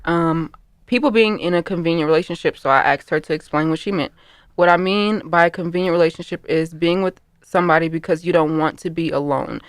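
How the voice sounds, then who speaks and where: A young woman co-hosting a casual chat, measured and agreeable, reasoning things through and reading out listener questions. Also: lowish voice, dry recording, clean studio sound.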